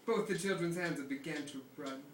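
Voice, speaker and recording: A man whose voice sits on the high side, fairly bright in tone, reads a novel a little fast to friends indoors at a lakeside cabin. Amused, he breaks into laughs often, with slight background noise, an echoey room, and a distant mic.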